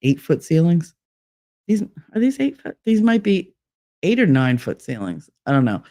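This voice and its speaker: Chatting loosely with viewers in a bare-walled, curtainless room, a middle-aged streamer reads the chat aloud and drifts between stories with frequent laughs and fillers. Her low, mellow voice swings widely in pitch at a normal speed.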